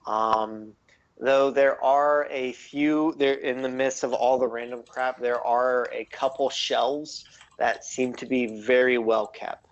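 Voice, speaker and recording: A man narrating a tabletop game as game master, halting and full of ums and likes. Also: mid-range voice, steady tone, muffled recording.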